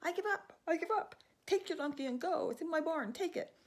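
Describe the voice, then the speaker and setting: A woman doing a yelling, beaten-down blacksmith. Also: very high voice, animated, fairly quick, pitched above the performer's own voice. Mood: desperate. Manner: loud, desperate crying out. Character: blacksmith man begging to give up.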